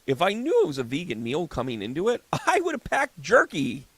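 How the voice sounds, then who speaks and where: Gravelly-voiced man in his fifties, joking. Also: fairly high pitch, huge pitch swings, fairly quick, a bit bright, no room sound. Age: 50s. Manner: rambling, joking storyteller who acts out little scenes. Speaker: host and psychic medium. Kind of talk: casual solo podcast talk.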